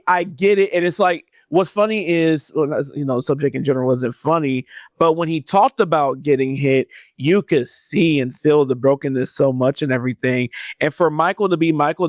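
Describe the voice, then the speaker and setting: A man's voice: fairly high pitch, no echo, clean studio sound. A man guesting on a podcast, talking casually and thoughtfully, often restarting his sentences. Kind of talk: casual chat.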